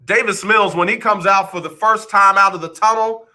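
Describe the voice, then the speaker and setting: A man's voice: sits high, normal speed, bright, forceful tone. A man hosting a radio show, chatting playfully about sports and teasing listeners by name. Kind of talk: casual sports radio talk.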